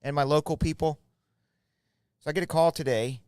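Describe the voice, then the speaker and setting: A man's voice: fairly high pitch, steady tone, normal speed, a little mellow, clear, resonant tone, no echo, clean studio sound. A middle-aged man hosting a live card break from his shop, chatting casually and rambling to viewers by name. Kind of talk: casual live stream chat.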